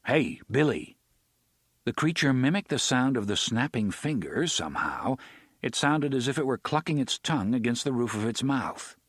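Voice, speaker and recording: A man narrating an audiobook in a steady, measured reading. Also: medium pitch, husky, no room sound, studio quality.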